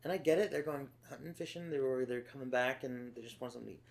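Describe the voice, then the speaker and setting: A man's voice: mid-range voice, fairly even intonation, fast, vocal fry. A man from Los Angeles, a podcast co-host telling stories in a sardonic, profane way. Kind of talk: casual chat.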